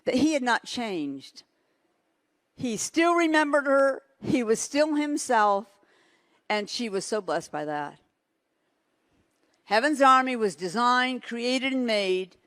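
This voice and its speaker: A woman preaching a sermon, telling stories in an animated way and laughing now and then. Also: fairly high pitch, no room sound. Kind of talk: sermon with storytelling.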